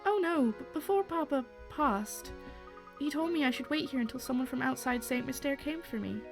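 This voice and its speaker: A woman voicing a sheltered, gentle young woman from a video game, reading her lines in a soft, earnest way. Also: sits high, normal speed, gravelly, over music, voice pushed up.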